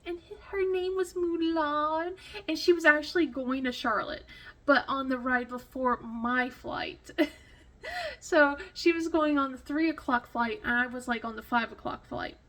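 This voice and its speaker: A woman vlogger telling a rambling story in casual chat, full of fillers and restarts, emotional and quick to laugh. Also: sits high, fairly even intonation, fairly bright tone. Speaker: crafting vlogger.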